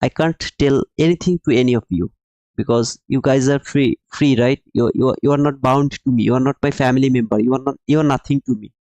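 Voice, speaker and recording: A man with a medium-pitched, warm voice talks briskly while hosting a live trading stream, where he explains the market emphatically, repeats his points, and calls his viewers "brother" as he answers the chat. There's no echo, but the audio sounds dull.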